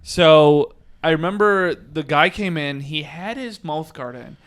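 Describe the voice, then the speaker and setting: Animated laughing man telling stories. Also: fairly high pitch, measured pace. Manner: animated storyteller, laughs often. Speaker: podcast host. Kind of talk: casual chat.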